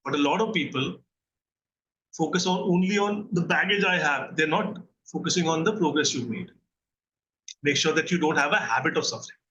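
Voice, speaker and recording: Speaking at normal speed, a man with a voice on the high side sounds bright and forceful through a muffled recording with a little hiss or hum. He is an Indian English-accented therapist earnestly teaching a recorded mental health lesson and often checking in with listeners through questions.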